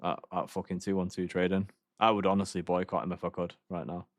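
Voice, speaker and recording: A man's voice: sits low, little pitch movement, fast talker, dry recording, clean studio sound. A man streaming a game, telling rambling stories in casual chat, swearing often and laughing between lines.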